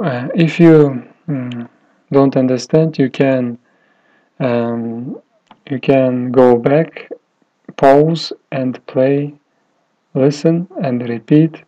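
Slow, mellow-voiced male teacher. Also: mid-range voice. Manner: slow, deliberate, with many fillers and pauses. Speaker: English teacher. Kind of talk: slow phonics lesson. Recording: dull lo-fi audio.

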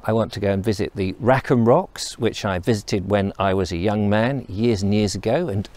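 A man's voice: fairly low pitch, normal speed, darkish tone, slight background noise. Chatty middle-aged Englishman on a country walk. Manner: chatty, enthusiastic, meandering. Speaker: walking vlogger. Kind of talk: casual outdoor walking vlog. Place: outdoors in countryside and woodland.

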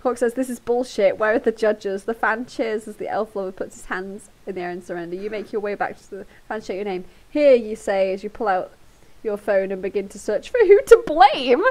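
A woman's voice: medium pitch, animated, a little fast, a little mellow. Giggly woman streaming a game. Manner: giggly, swears freely, breaks into laughter. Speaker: livestreamer. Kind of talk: casual livestream, reading game text aloud. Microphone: headphones with a microphone.

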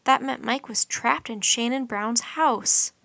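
A woman reading a children's bedtime storybook aloud in a lively, expressive way. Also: on the high side, takes it slowly, vocal fry, dry recording.

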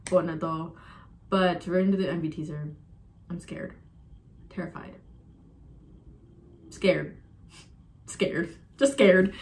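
A young person in their twenties reacting on camera at home, excitable and swearing freely, swinging between low mumbles and loud outbursts. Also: a little hiss or hum. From Arizona, USA. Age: 20s. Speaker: K-pop reaction YouTuber. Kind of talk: casual reaction vlog. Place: room at home. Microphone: phone camera.

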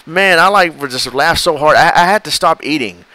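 Enthusiastic, rambling podcast co-host man, bright. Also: on the high side, brisk, dry recording. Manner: enthusiastic, rambling, acts out clips. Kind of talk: casual chat.

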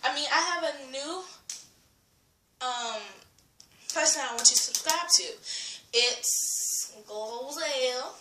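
A woman's voice: high-pitched, slow pace, pauses often, background noise. A teenage girl ranting in a casual vlog, rambling with lots of fillers, giggling and dropping into whispers. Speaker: vlogger. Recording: echoey room.

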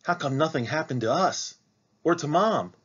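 A skeptical young boy asks doubtful questions in a raised, boyish voice, as a man puts him on. His pitch rises as he questions. The reading sounds slightly muffled and lo-fi. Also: animated, moderate pace, a bit bright, husky.

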